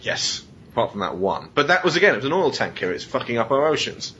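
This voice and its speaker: A man hosts a casual podcast, reading out film clichés and riffing on them with a jokey, sweary manner. His pitch swings around in an animated way. The recording is dull and lo-fi, with a faint rumble underneath. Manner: sweary, jokey, laughs often, does quick silly voices. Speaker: podcast host.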